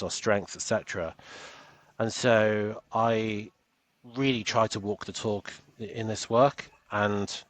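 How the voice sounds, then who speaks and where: A man's voice: lowish voice, a bit bright, no echo. A British man, a coach and author, talking earnestly as a podcast guest and often repeating words as he goes. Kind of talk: podcast interview.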